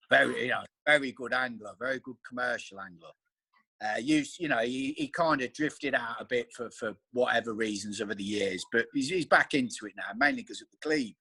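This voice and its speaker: A man chatting on a video call, telling animated stories and acting out his friends' voices. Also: medium pitch, breathy edge, dry recording. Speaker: regular angler on the chat. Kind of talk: casual video call chat.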